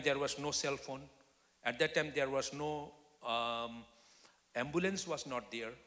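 Man, guest preacher, bright forceful tone, testimony sermon swinging between loud and whispered, church hall reverb. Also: mid-range voice. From Nepal. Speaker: guest speaker.

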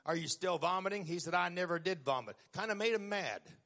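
Emphatic preacher man, high and bright. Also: expressive, a little fast. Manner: swings from quiet storytelling to loud emphatic preaching, stretching key words. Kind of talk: sermon.

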